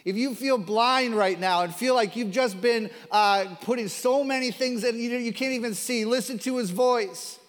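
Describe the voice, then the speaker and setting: A man's voice: extremely high pitch, normal speed, few pauses, in a large hall. A man preaching a sermon as pastor, earnest and building to emphatic, repeated declarations. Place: church sanctuary.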